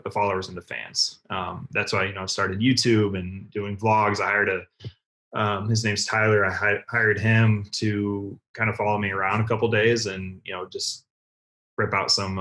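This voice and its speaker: A young man from Ohio, a guest on a casual podcast, talking in a relaxed, rambling way with many fillers. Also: lowish voice, moderate pace. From Cleveland, Ohio. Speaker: guest, car content creator.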